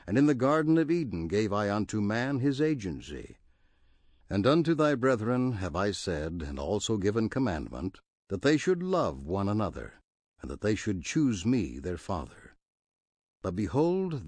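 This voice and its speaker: A man's voice: lowish voice, big pitch swings, moderate pace, a little mellow, dry recording. A man reading the words of a stern, almighty God, wrathful and grieving, in a solemn scriptural cadence.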